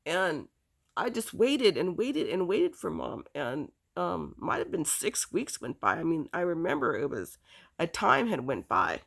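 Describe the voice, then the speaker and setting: A woman recounting a painful episode from her past in a halting, emotional, casual way. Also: low voice, very animated, gravelly, a bit bright. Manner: halting, full of restarts and "you know" fillers. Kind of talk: casual spoken recollection.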